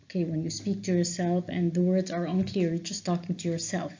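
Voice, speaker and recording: A woman teacher going through revision answers with a class, explaining slowly and checking in with frequent "okay?"s. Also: on the low side, flat delivery, dark tone. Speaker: English teacher. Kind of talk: revision lesson walkthrough. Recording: dull lo-fi recording.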